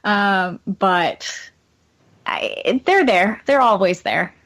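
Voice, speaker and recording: A Canadian woman speaks as a guest on a radio chat show in a mid-range voice. She talks hesitantly and often pauses to search for words. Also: medium pitch, expressive, fairly bright tone.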